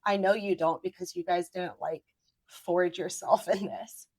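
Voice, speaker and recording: A woman attorney, a podcast guest, giving legal advice in a steady run of points. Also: fairly low pitch, unhurried, no room sound. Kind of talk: podcast interview.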